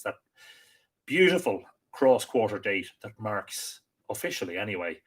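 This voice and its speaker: An Irish man hosting a live mythology stream, chatting casually and greeting viewers by reading out their comments, often pausing and repeating words. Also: medium pitch, fairly bright tone, husky. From Ireland. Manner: chatty and friendly, with many hesitant repeats. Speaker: host of a live mythology show.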